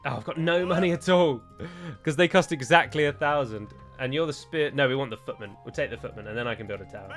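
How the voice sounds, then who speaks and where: A man's voice: medium pitch, fast, a bit bright, faint music behind. A man playing a strategy game and commenting as he goes, chatty and thinking aloud with frequent digressions. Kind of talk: let's play commentary.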